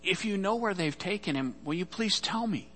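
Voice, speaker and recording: A man voicing a grieving woman softly pleading with a stranger during a sermon. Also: high voice, animated, normal speed, in a large hall, voice pushed up.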